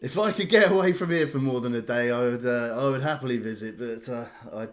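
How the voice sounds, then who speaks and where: A man voicing a friendly but harried middle-aged innkeeper, warm and a little weary. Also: mid-range voice, brisk, lightly acted.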